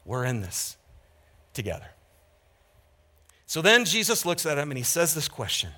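A man preaching with a bright, slightly high voice that rises and falls widely. He talks to the congregation candidly and conversationally, building to loud emphatic peaks and then dropping to a hush. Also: normal speed, long pauses. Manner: animated and emphatic, swinging from loud to hushed. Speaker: pastor. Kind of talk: sermon.

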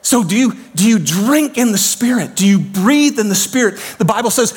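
Man, pastor, sermon, high voice, very animated pitch, swings from shouting to hushed. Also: moderate pace, husky.

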